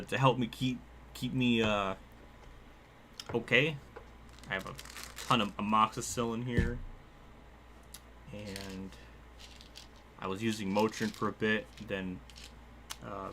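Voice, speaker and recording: A young man casually talking through a racing game livestream, excitable, laughing often and quick to swear. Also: on the low side, a little hiss or hum.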